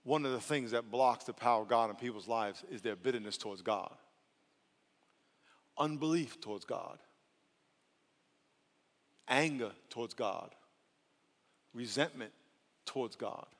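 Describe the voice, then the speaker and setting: A male pastor preaching a lively, playful sermon that swings from soft asides to loud outbursts. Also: medium pitch, measured pace, long pauses. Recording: long hall reverb.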